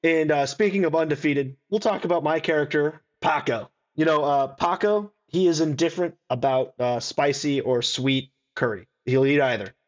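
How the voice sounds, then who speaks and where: A man's voice: a little high, normal speed, hardly any pauses, highs cut off. A man playing in a tabletop game who jokes around and rambles with lots of fillers. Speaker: player.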